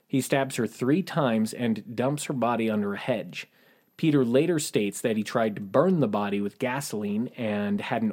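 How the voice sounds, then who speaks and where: A man's voice: medium pitch, a little mellow. A man hosting a true crime podcast, narrating in a matter-of-fact way with wry asides. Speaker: podcast host.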